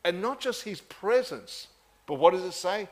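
Earnest preacher man, fairly high voice. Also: lively intonation. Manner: earnest, measured, with frequent restarts and repeated phrases for emphasis. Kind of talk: sermon.

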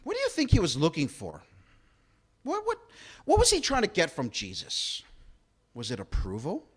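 A man's voice: on the high side, wildly swooping pitch, moderate pace, fairly bright tone, slightly rough. A male pastor preaching a sermon in a conversational way, asking rhetorical questions and acting out quotes.

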